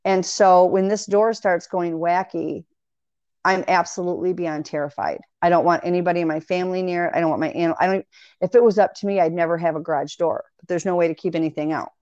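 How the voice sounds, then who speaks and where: A woman in casual conversation, telling long animated anecdotes full of quoted dialogue. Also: lowish voice, fast, no echo. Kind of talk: casual storytelling chat. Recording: dry, dull lo-fi sound.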